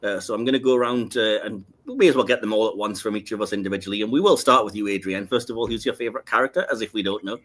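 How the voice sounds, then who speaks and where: A man's voice: fairly low pitch, rapid-fire, hardly any pauses, a bit bright. A man hosting a podcast in casual chat, rambling along with lots of filler words and restarts, chuckling between remarks. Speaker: podcast host.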